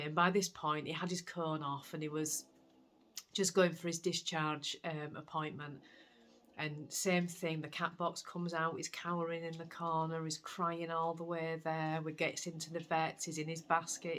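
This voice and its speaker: A woman with a Yorkshire accent hosting a knitting podcast, telling stories in a chatty, animated way. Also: deep voice. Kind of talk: casual chat to camera.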